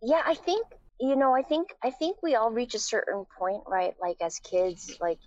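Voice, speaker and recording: A woman's voice: fairly high pitch, big pitch swings, normal speed, darkish tone, no echo, highs cut off. A woman from Taiwan, a guest in a casual interview, telling a personal story with lots of fillers and restarts.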